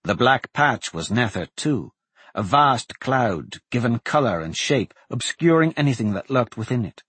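A male audiobook narrator reads a fantasy novel in a measured, steady way. His voice is mid-pitched with a husky grain. The recording is dry and close. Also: no echo.

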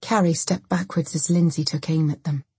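Woman reading a thriller audiobook, breathy husky voice, super dry close mic. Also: low-pitched, fairly even intonation, moderate pace, darkish tone, no echo. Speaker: audiobook narrator. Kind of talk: scripted narration.

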